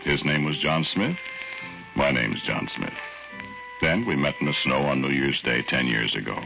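A gravelly, very deep folksy narrator. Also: male voice, full character voice. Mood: reminiscing. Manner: relaxed, folksy storytelling, drawn-out asides. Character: folksy everyday man telling his own story, easygoing. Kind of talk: 1940s radio acting. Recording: muffled old radio recording with music underneath.

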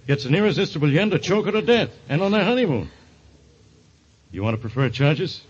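A husky, wisecracking police inspector. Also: male voice, on the high side, big pitch swings, a little fast. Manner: gruff, folksy slang. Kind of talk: 1940s radio acting. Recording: dull lo-fi old radio recording.

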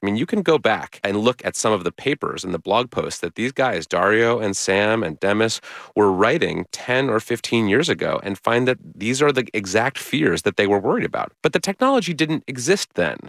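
A middle-aged man speaks in a radio interview with a low voice, recorded dry and close in a studio. He explains his points in a measured, earnest way, like a journalist laying out his reporting. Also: sing-song, vocal fry, a bit bright, dry recording. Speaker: journalist and author, interview guest.

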